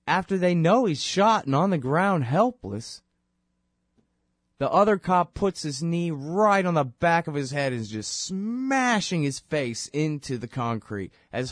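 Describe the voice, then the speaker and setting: A man's voice: on the high side, no room sound, clean studio sound. A man hosting a political commentary show, talking in a sarcastic, impassioned way. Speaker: show host.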